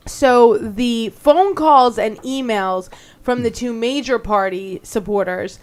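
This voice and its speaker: A woman's voice: on the high side, takes it slowly. A woman who is a guest in a radio studio, telling stories animatedly and with emphasis in casual talk. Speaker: studio guest, political party activist.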